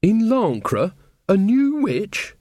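A prim young queen, earnest and stiffly regal, measured and formal in her speech, as a male narrator puts her on. The voice sits a little high and moves a lot, recorded dry and close. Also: big pitch swings, a little mellow, no room sound, full character voice. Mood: haughty.

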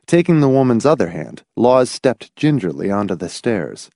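A man's voice: fairly low pitch, sing-song, normal speed, vocal fry, hardly any pauses, mellow, no echo, clean studio sound. A man reading a suspenseful story aloud in a dramatic narrating style. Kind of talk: scripted audiobook narration.

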